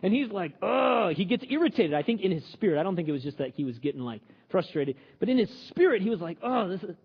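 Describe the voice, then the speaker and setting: A man preaching with a high, very lively voice that leaps up and down as he jokes and talks to the crowd. His tone is a little husky, and the sound is muffled, with a long reverb tail from a large hall. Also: fast. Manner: animated, joking, conversational preaching. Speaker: pastor. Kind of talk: sermon.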